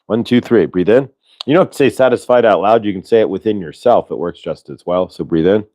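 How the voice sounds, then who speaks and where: A man hosting a show, talking listeners through a breathing exercise in a relaxed, rambling way, with lots of fillers and audible sighs. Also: lowish voice, quick pace. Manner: sighs audibly between instructions. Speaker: host leading a breathing exercise. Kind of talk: casual spoken guidance.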